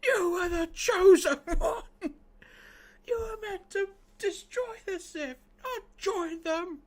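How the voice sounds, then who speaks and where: A man doing an impression of an anguished middle-aged Jedi mentor, with a strained, high, pleading voice. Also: slow pace. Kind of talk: film quote impressions on a game stream.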